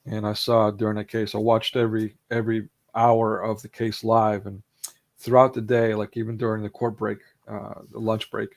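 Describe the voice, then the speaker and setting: An American man hosting a casual online talk show, relaxed and thoughtful, with many ums. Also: lowish voice, normal speed, gravelly. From United States. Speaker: podcast host. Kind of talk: casual conversation.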